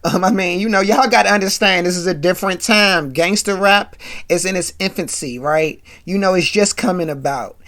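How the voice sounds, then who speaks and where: A woman hosts a podcast, giving a casual, rambling episode recap that's animated and full of asides. Her voice is fairly low and her pace moderate.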